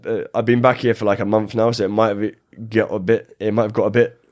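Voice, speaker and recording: A man's voice: on the low side, flat delivery, fast talker, darkish tone. A British man in casual podcast conversation, rambling with many restarts and fillers. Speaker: guest, jiu-jitsu coach.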